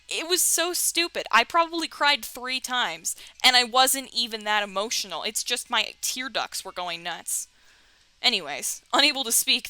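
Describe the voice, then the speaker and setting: A young woman hosts a casual let's play, reading the game's lines aloud and joking about them. Her voice is bright and sits fairly high. She swings her pitch up and down freely as she chats. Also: dry recording, rough recording. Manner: chatty, joking, reads game text aloud. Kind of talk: casual game commentary.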